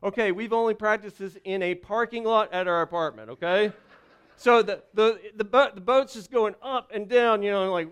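A man preaching with a Southern lilt, his voice pitched high and smooth. He tells stories in an animated, rambling way, cutting himself off and restarting mid-sentence. It sounds like a sermon from the pulpit. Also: moderate pace. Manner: animated storytelling with self-interruptions and restarts. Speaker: pastor.

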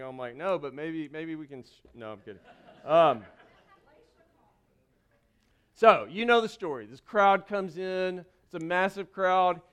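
A young man preaches to his congregation in a lively, conversational way, breaking off for jokes. His voice sits high and sounds smooth and clear. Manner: animated preaching with asides and jokes. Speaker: pastor. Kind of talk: sermon.

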